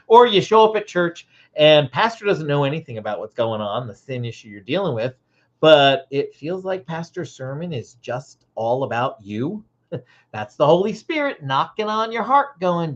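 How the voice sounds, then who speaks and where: A Christian parenting coach hosting a livestream, teaching parents in an animated way and acting out short dialogues. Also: medium pitch, normal speed, highs cut off.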